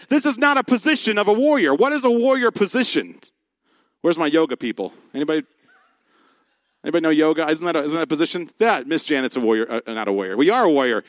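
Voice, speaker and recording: Pastor guy preaching, high-pitched voice, super dry close sound, acts out the voices as he goes. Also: no room sound. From Michigan. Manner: animated storytelling, acts out quoted voices. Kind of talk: sermon.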